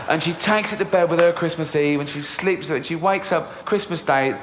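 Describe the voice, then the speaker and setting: English comedian, high voice, echoey. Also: male voice, a little fast, few pauses. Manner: deadpan, dark jokes, mimics childish voices. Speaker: stand-up comedian. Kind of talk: stand-up routine played in a reaction video. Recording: echoey room, audible noise.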